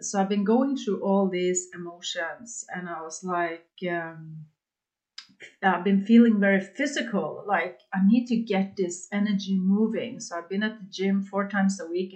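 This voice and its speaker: A woman's voice: mid-range voice, muffled recording. A woman hosting her own astrology podcast, talking in a raw, confessional way with many fillers and bursts of laughter, English not her first language. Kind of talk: candid solo podcast monologue.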